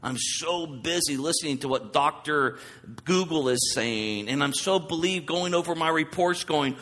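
A man's voice: fairly high pitch, moderate pace, a bit bright. A man giving an informal, conversational sermon, telling stories and acting out the voices he quotes. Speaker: preacher. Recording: long hall reverb.

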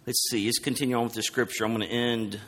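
A man preaching a sermon, animated, acting out quoted lines as he goes. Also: fast talker. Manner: animated, acts out quoted lines with rising pitch. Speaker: pastor. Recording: long hall reverb.

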